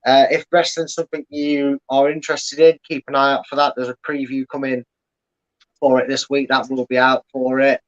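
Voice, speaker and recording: A man's voice: mid-range voice, level tone, a little fast. A man chatting casually as a guest, plugging his podcast and explaining at length with many fillers. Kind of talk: casual chat. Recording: slightly dull lo-fi audio.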